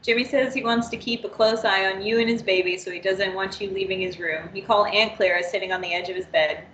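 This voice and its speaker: A woman trainer reading an interactive story aloud in the second person, steady and unhurried. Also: mid-range voice, echoey room, slight background noise, poor audio.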